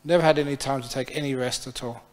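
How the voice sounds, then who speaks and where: A man's voice: medium pitch, fairly even intonation, fast talker. A man who is a Buddhist monk, telling a story during a dharma talk at a temple. He is chatty and playful and laughs often. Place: temple hall.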